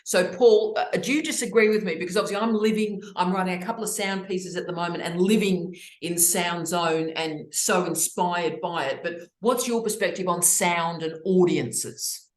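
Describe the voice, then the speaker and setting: A woman's voice: lowish voice, normal speed, few pauses, reverberant. Effusive middle-aged woman hosting a webinar. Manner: effusive and expressive. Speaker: host. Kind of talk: casual webinar discussion.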